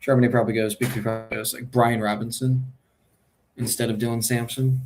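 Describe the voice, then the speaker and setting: A man's voice: medium pitch, flat delivery, fairly quick, darkish tone, slight background noise. A man streaming his fantasy football draft, thinking aloud in a casual, hesitant way and correcting himself as he goes.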